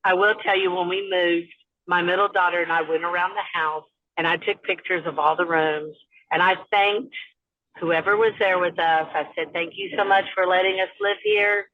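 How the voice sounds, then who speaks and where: A woman's voice: on the low side, steady tone, normal speed. A woman phones in her haunted-house story and acts out the voices of the people in it. The line sounds dull and muffled. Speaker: caller.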